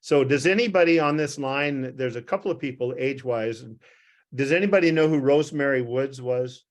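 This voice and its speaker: An older man recounts a story from his years as a doctor, speaking over a video call to a small group. His voice sits at an average pitch. He rambles and restarts often, chuckling at his own expense. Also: brisk. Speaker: physician. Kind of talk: anecdote told to a group on a call.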